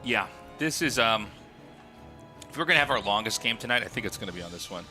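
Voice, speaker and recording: A man's voice: fairly low pitch, expressive, fast talker, bright, forceful tone, soft background music. A young man co-casting a live esports match in a chatty, joking way while he has the hiccups. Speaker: esports co-caster.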